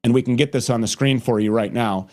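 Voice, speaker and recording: A man hosting an online talk show, introducing and welcoming an interview guest in a measured, emphatic way. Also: mid-range voice, a little mellow.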